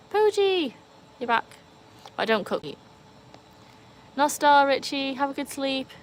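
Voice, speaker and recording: Welsh lady chatting on a live stream by the pool w her dogs, mid pitch, bit of faint noise behind. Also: fairly bright tone. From Wales. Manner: chatty, reads and answers comments. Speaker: livestream host. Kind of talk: casual live chat.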